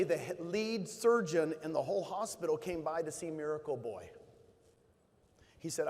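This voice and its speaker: A man's voice: a little high, a little mellow. Emphatic man speaking in a hall. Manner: storytelling, emphatic, repeats key phrases. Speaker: conference speaker. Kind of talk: motivational stage talk. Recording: hall reverb.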